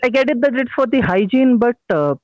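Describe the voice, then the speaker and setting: A man's voice: extremely high pitch, expressive, brisk, highs cut off, a little hiss or hum. A man from India, doing a chatty stand-up set over a video call. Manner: casual, chatty, with filler like "see" and "you know". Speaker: stand-up comedian.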